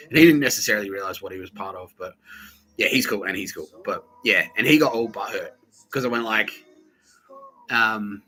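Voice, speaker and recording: A man in his thirties with an Australian accent hosts a podcast, telling a rambling, profane story in a casual monologue with animated quoted voices. His voice is fairly low with a breathy edge, and the recording quality is low.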